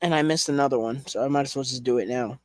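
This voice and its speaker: A man's voice: mid-range voice, quick pace, darkish tone, slight background noise. A young man chatting casually as a collection reviewer, rambling with fillers and frank swearing. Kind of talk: casual chat.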